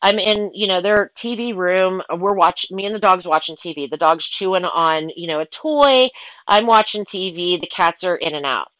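A woman telling stories from her work as a pet sitter in a casual, animated way, acting out her own panicked thoughts. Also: fairly low pitch, normal speed, no room sound, lo-fi sound. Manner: animated, dramatic retelling with excited asides. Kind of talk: casual storytelling.

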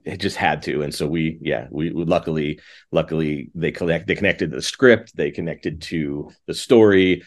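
A middle-aged man with a very deep, low voice talks as an interview guest. He rambles eagerly, restarting his sentences again and again as he gets caught up in his story. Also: moderate pace. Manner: enthusiastic, rambling with many restarts. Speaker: composer and director guest. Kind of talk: casual interview talk.

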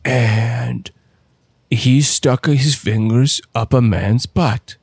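A man playing a flustered, stammering priest in an improvised comedy bit, with a husky voice. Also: medium pitch, very slow, a little mellow, no room sound, clean studio sound. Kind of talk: improvised comedy role-play.

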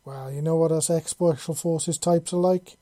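A narrator voicing a cocky male ex-special forces soldier who jokes and growls softly. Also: medium pitch, steady tone, moderate pace, natural voice. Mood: playful.

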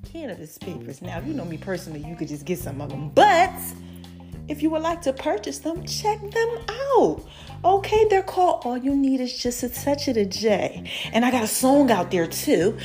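An effusive woman talks straight to her followers in a casual promotional update, a touch higher than most. She gushes, calls them y'all and baby, and keeps the energy up. Faint music plays under her voice. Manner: animated, effusive, addresses listeners as y'all and baby. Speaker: podcast host and brand owner.

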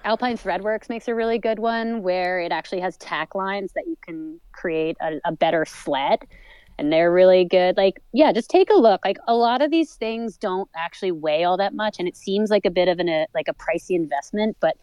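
A woman's voice: lowish voice, normal speed, darkish tone, clear, resonant tone, dry recording, low-quality recording. Laughing snowboarder woman, casual chat. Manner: laughs often, swears casually. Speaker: guest snowboarder.

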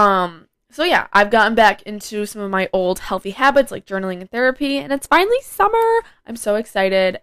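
A woman's voice: mid-range voice, a bit bright, clear, resonant tone, no echo, studio quality. A teenage girl hosting her own podcast, chatting casually and rambling with lots of "like". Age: teens. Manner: chatty and rambling, with many likes. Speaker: podcast host. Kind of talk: casual solo podcast chat.

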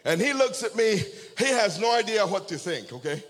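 Pastor guy, kinda high voice, fired up sermon, keeps going amen? okay?, big echoey hall. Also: very animated, moderate pace, a bit bright. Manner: fervent, repeats amen and okay to the congregation. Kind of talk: sermon with storytelling. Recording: long reverb of a large hall.

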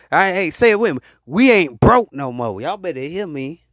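A man preaches to his podcast audience, urging them to say it with him. His voice sits fairly high and swings widely in pitch. The recording is dry and close. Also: very animated, a bit bright, no echo. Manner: call-and-response exhortation, drawn-out hype. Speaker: podcast host. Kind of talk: motivational preaching monologue.

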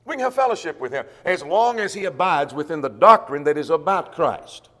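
A man's voice: on the high side, expressive, a little fast, a bit bright, in a large hall. A man preaching a Bible sermon, teaching verse by verse and repeating key phrases for emphasis. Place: church.

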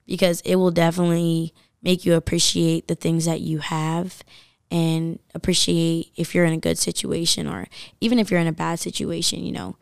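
A young woman with a low, gravelly voice tells a personal story in loose, chatty podcast talk. She fills her speech with likes and you-knows. The sound is close and dry. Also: a little mellow, no room sound. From United States. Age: young adult. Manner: chatty, full of fillers and likes. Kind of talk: casual storytelling chat.

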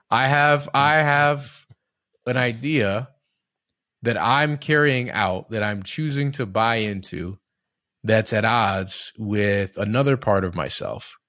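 A man with a very low, deep voice, recorded close and dry with no room sound. He talks in a loose, reflective way, circling back and restarting phrases while he works his thoughts out. His tone is candid and unguarded, with an occasional casual curse. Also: fairly bright tone, no echo. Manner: swears casually. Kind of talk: casual podcast conversation.

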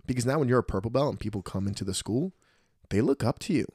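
Animated man telling stories, dry sound. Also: mid-range voice, quick pace, breathy edge, dry recording. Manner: animated storyteller, acts out voices. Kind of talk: casual chat.

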